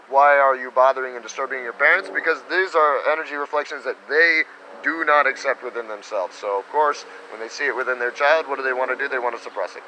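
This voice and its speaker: A man teaching meditation in a casual spiritual talk, animated and slipping into little quoted voices. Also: mid-range voice, fast talker, slight background noise, poor audio.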